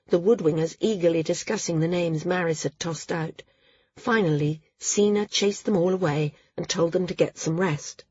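A woman narrating a novel in an even, measured way. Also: on the low side, husky, no echo, highs cut off. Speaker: audiobook narrator. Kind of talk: scripted narration.

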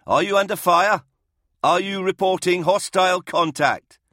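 Narrator as clipped, formal radio officer, pitched up; audiobook, dry. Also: male voice, unhurried, bright, forceful tone, no room sound. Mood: clipped questioning. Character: crisp military radio officer. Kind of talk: audiobook character voice.

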